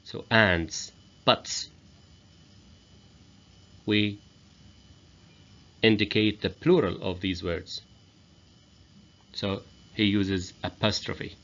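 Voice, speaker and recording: A man whose first language is Arabic, giving a grammar lesson as a teacher, explaining slowly and repeating each example. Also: fairly low pitch, steady tone, a bit bright. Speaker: English teacher. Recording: dull lo-fi recording.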